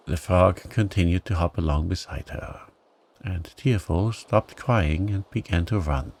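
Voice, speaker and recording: A man reading a bedtime story for adults in a calm, gentle, soothing manner. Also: low-pitched, measured pace, gravelly. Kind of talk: scripted bedtime narration.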